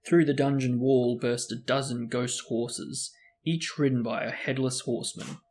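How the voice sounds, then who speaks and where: A man reads a novel aloud in steady narration. His voice sits at an ordinary mid pitch. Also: unhurried. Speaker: book reader. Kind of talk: storybook reading aloud.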